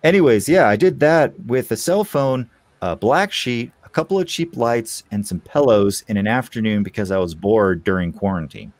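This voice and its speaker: A man guesting on a podcast, chatting casually and telling candid, animated stories. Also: on the low side, moderate pace.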